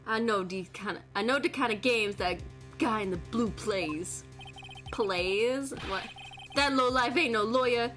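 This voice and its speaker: A woman voicing a gruff male loan shark with a put-on Brooklyn accent. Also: on the high side, a little slow, fairly bright tone, faint music behind. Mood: defensive. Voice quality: gruff, streetwise slang.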